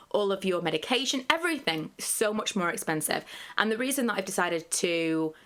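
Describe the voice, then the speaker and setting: A woman's voice: fairly low pitch, fairly bright tone. A woman, talking candidly in a personal vlog, rambling with many fillers. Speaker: vlogger.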